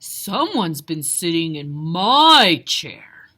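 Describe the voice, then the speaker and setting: Woman putting on a gruff papa bear. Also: on the low side, big pitch swings, very slow, bright, forceful tone, pitched below the performer's own voice, exaggerated voice.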